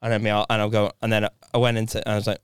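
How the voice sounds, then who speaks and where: A man in casual chat, telling a story with lively acted-out voices and plenty of swearing. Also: on the low side, very fast, smooth, no echo, studio quality.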